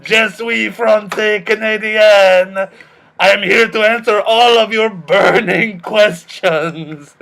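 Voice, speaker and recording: A man's voice: high voice, fairly even intonation, slow pace, gravelly, a bit bright, full character voice. A man voicing an impostor ghoul singer who claims to be French Canadian, giggling mischievously.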